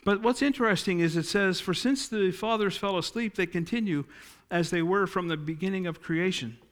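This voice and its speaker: A man's voice: high voice, normal speed, fairly bright tone. A middle-aged man preaching a sermon, telling stories and acting out quoted dialogue with emphasis.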